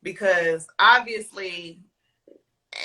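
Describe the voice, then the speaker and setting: Woman, podcast host, frank questioner, bright tense voice, mid pitch. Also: slow pace. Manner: frank, blunt, asks questions. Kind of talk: casual podcast chat.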